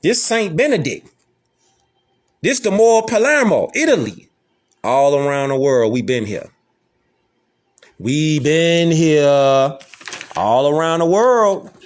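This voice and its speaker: A man's voice: on the high side, animated, slow pace, pauses often. A man hosting a casual lecture, talking emphatically in slangy street talk and repeating rhetorical questions. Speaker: host. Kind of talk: casual lecture showing images.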